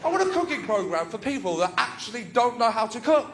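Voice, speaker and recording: A man's voice: extremely high pitch, very animated, fast talker. A stand-up comedian with a nasal voice, performing his routine on a club stage. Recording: live club recording, loud crowd laughter and noise.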